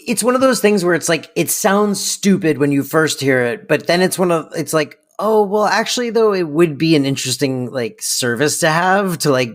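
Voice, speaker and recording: A woman with a strikingly deep voice co-hosting a podcast. She chimes in with relaxed, thoughtful remarks in casual conversation. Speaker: podcast co-host. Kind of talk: casual chat.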